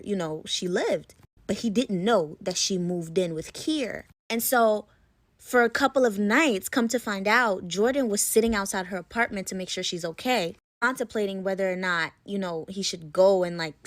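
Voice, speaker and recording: A young woman casually telling a story to her viewers, chatty and full of fillers, sometimes dropping to a hush. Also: medium pitch, no room sound. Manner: chatty, lots of "like" and "you know", drops into hushed tones. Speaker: storyteller in a short clip.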